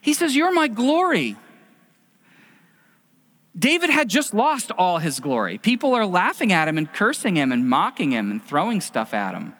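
Brisk and with few pauses, a middle-aged pastor preaches in a high, a bit bright voice with huge pitch swings, telling stories and acting out quotes conversationally. Long hall reverb colors the recording.

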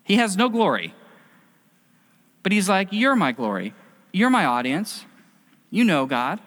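Animated man preaching in a reverberant hall. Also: high voice, a little slow. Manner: conversational, animated storytelling with quoted asides. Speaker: pastor. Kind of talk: sermon.

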